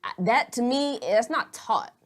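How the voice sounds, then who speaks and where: A woman's voice: on the high side, animated, a little slow. A young woman, talking candidly and at rambling length in a casual podcast chat, swearing freely. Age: young adult.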